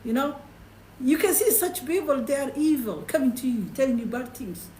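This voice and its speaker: Woman teacher, high voice, echoey room with faint noise. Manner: recites Arabic fast, then retells it in simple, broken English; animated, switching between Arabic and English. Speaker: Quran teacher. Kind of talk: telling a hadith to a small class.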